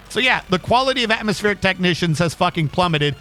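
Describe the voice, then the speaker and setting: A man with a high, bright voice rants through a casual gaming livestream, swearing constantly and tripping over his words in quick restarts. Soft music plays faintly behind him. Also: animated. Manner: profane, stammering, heated ranting. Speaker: streamer.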